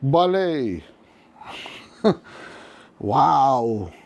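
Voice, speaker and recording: A man's voice: mid-range voice, very animated, extremely slow, gravelly, a little mellow, highs cut off, a little hiss or hum. Chatty man reviewing a toy. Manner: chatty, thinking aloud while handling a figure. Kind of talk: casual unboxing review.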